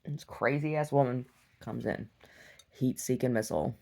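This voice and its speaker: A young adult woman telling a story in a casual, animated vlog rant, laughing and swinging between loud outbursts and hushed asides. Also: a bass voice, normal speed, creaky. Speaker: vlogger.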